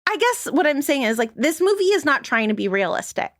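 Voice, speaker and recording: Lively wry woman podcast host. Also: high voice, dry recording, clean studio sound. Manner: lively, wry and playful, quick asides. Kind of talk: scripted intro then casual chat.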